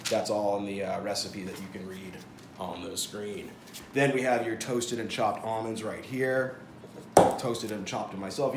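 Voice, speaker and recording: A man's voice: on the low side, slight background noise. A man hosting a casual cooking demonstration at home, rambling and joking, with lots of fillers and restarts. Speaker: cooking show host. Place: home kitchen. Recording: echoey kitchen with clattering dishes. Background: clattering pots and dishes.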